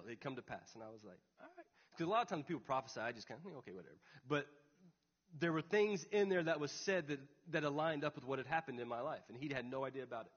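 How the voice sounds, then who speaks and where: A young adult man, a pastor, telling a personal story in an earnest sermon. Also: mid-range voice. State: tearful. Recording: dull recording, long hall reverb.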